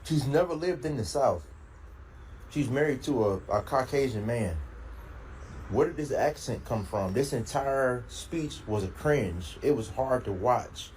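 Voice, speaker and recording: A man's voice: mid-range voice, expressive, measured pace, darkish tone, slight background noise, rough recording. A man speaking in a casual commentary clip, indignant and incredulous.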